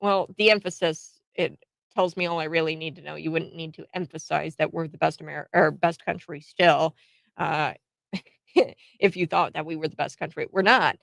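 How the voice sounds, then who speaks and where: A woman hosting a radio talk show, giving animated, mocking political opinions with frequent restarts. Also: sits low, moderate pace, gravelly, no echo. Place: radio studio.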